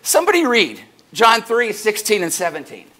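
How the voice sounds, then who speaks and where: Pastor guy preaching at a church service, bright voice, jumps all over the place, jokes around. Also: normal speed. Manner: animated, swings up and down in pitch and loudness; jokey, acts out doorstep conversations in little voices. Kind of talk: sermon.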